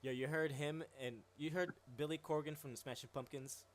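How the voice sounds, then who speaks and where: A man's voice: fairly high pitch, fairly even intonation, a little fast. A man co-hosting a live stream, chatting casually and rambling with lots of swearing and filler words. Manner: rambling, profane, frequent "yo" and "like". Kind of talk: casual chat.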